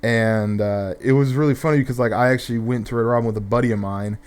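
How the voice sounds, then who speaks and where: Young man, gameplay commentator, casual storytelling, profane, rambling, halting restarts. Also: medium pitch, fairly even intonation, smooth.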